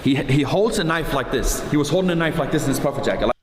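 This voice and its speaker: A man tells a story fast and animated, acting out other people's voices as he goes. His voice is fairly high and swings widely in pitch. It sounds roomy, with a long reverb tail and faint background ambience. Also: crowd noise. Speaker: streamer telling his story. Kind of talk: animated storytelling from a stream clip.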